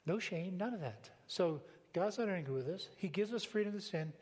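An older male pastor preaches in an easygoing, conversational manner, full of stories and rhetorical questions. His voice sits a little high for a man. It carries a long reverb from the church sanctuary around him. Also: animated, moderate pace. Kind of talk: sermon.

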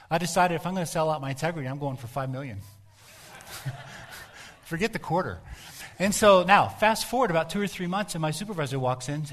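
A middle-aged man, a pastor, preaching a sermon in a relaxed storytelling way and asking his congregation direct questions. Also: fairly high pitch.

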